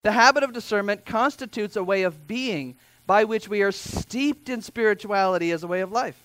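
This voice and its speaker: A man preaching a sermon as pastor, speaking in a conversational way with asides and quick self-corrections. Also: high-pitched, a bit bright, slight background noise.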